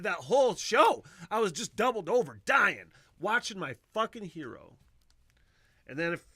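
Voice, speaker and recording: A man rambles through a solo podcast monologue in a bright, forceful voice, cursing freely. His delivery jumps between loud bursts of enthusiasm and low, trailing mutters. The sound is close-miked and dry, with no room around it. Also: no room sound. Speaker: podcast host. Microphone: close podcast microphone.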